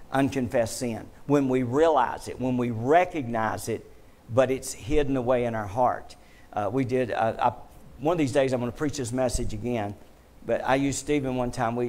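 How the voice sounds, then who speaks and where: A man's voice: medium pitch, darkish tone. Guy pastor preaching in church, keeps repeating himself, asks the crowd stuff. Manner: emphatic, repeats phrases, asks congregation questions. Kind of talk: sermon. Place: church sanctuary.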